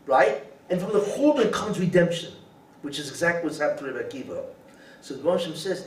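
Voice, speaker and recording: Animated man teaching in an echoey room. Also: on the high side, fairly quick. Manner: animated, rhetorical, often asks and answers his own questions. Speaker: rabbi teaching Torah. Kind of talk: Torah lecture. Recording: echoey room, voice from a distance, faint hiss.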